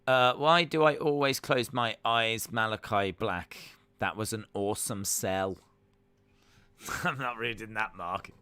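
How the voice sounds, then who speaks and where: A man's voice: lowish voice, takes it slowly, pushed and bright, clean tone, dry recording. A man hosting a live reaction stream, chatting and joking about what he is watching, with frequent uhs.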